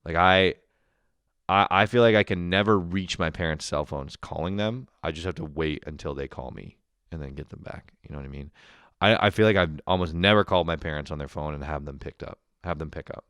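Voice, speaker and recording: A man's voice: sits low, fairly quick, a bit bright, clear, resonant tone, no echo, studio quality. A young man ranting casually and sarcastically as a comedy host, rambling and swearing often.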